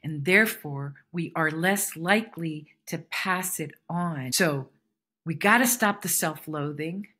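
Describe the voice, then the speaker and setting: A woman hosting her own podcast, musing in a relaxed spiritual monologue that circles back and repeats her phrases. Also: low-pitched, unhurried, slightly rough. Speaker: podcast host. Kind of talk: casual solo podcast monologue.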